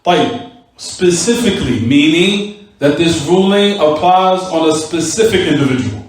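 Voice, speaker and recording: A male religious teacher lectures a mosque class, tossing rhetorical "what?" prompts to his students and hammering key words by repeating them. His voice is slightly high. It is picked up from a distance in a hall with a heavy echo. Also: animated, a little slow. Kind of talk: recorded Islamic class lecture. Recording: very echoey room, voice from far off.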